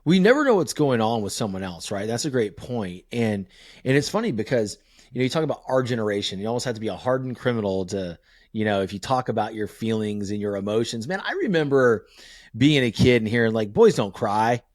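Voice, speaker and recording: A man's voice: on the low side, expressive, brisk, no echo, studio quality. A man in his thirties hosting a casual podcast, telling stories animatedly and swearing freely. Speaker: podcast host.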